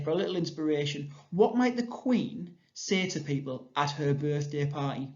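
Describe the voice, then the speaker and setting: A man with an English accent leads a recorded grammar lesson for young pupils. His voice sits slightly high, and he explains each step patiently and clearly. The recording sounds dull and lo-fi. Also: moderate pace, hardly any pauses, darkish tone. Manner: clear, patient explanation, reading examples aloud with lifted voice. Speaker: primary school teacher.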